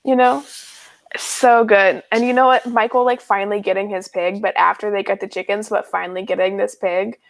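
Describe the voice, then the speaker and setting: A woman's voice: medium pitch, fairly even intonation, normal speed, vocal fry. A woman co-hosting a casual podcast chat, amused and easygoing. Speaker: podcast co-host.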